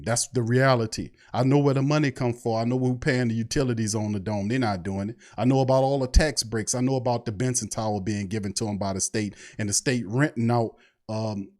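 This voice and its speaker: A man's voice: mid-range voice, darkish tone. A man hosting a sports show, delivering a heated, profane fan rant full of mocking asides. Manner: fired-up, preachy, profane, mocking imitations. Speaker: sports podcast host.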